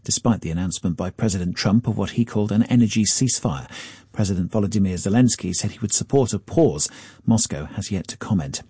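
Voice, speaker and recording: A man reading a formal news bulletin in a measured, even newsreader delivery. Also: lowish voice, slightly rough, dry recording, clean studio sound.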